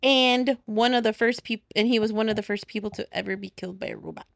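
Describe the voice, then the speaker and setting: A woman's voice: a little high, fairly even intonation, quick pace, gravelly, no room sound, clean studio sound. A woman with a Chicago accent co-hosting a podcast in casual, giggly chat, full of "like". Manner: giggly, chatty, lots of "like". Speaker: podcast co-host.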